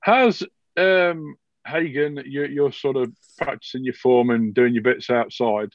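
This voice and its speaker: A man narrating a tabletop game as game master, halting with many fillers. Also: mid-range voice, dry recording, dull audio.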